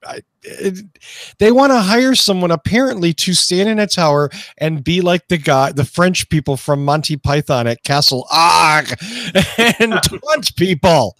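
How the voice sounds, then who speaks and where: A man's voice: on the high side, animated, unhurried, fairly bright tone, dry recording, clean studio sound. A man from California chatting on a podcast, joking with sarcastic asides. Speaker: podcast co-host. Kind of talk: casual podcast chat.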